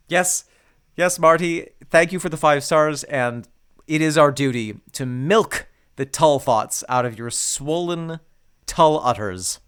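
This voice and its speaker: A man's voice: medium pitch, a bit bright. A man co-hosting a music podcast, reading a listener review in an enthusiastic, jokey casual chat. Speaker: podcast co-host.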